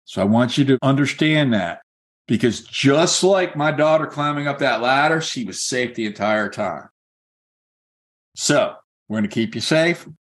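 An earnest man speaks as a real estate coach, mixing a personal story into a motivational talk. He talks in a loose, conversational way, full of casual fillers, and keeps urging his listeners on. His voice sits at an ordinary middle pitch for a man. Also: lively intonation, unhurried, a bit bright. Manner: conversational, many "like" and "you know" fillers; earnest and encouraging.

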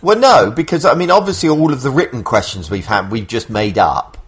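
A man's voice: mid-range voice, big pitch swings, a little fast. A man hosting a podcast in casual chat, teasing and joking with his co-host. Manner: teasing and jokey.

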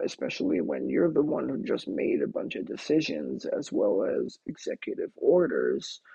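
Man, talk show host, gravelly, husky, rambling monologue, dull dry recording. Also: mid-range voice, dark tone, no room sound. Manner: rambling, many fillers and restarts. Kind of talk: casual monologue.

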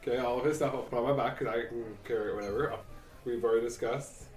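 Quick male player, roomy and a bit distant. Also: medium pitch, steady tone, darkish tone. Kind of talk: tabletop game play.

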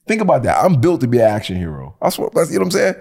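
A young man from Detroit hosts a laid-back podcast chat, teasing and bragging with a lively, swooping delivery. His voice sits at an ordinary middle pitch. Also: very fast, creaky. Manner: playful, teasing, boastful. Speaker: podcast co-host. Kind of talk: casual banter.

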